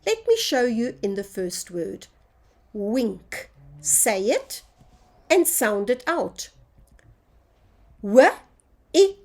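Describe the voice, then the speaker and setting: A woman's voice: a little high, very animated, takes it slowly. A woman teaching a phonics lesson to young children, drawing out each sound in a sing-song teacher voice.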